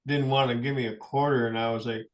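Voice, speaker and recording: A middle-aged man speaks as a guest in a radio studio. His voice sits in an ordinary middle pitch, and he tells personal stories in a loose, rambling way. He breaks into small chuckles as he talks. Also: fairly even intonation, quick pace. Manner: rambling anecdotes with frequent chuckles. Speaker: musician guest. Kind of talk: personal storytelling in a radio interview.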